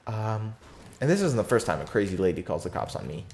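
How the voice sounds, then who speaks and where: A teenage boy with a fairly low voice tells a story in a loose, rambling vlog style. He stumbles through restarts and fillers and drops in slang. A faint hiss of background noise sits under his voice. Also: very animated, fairly quick, a little mellow. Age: teenager, fourteen. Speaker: YouTuber telling a story.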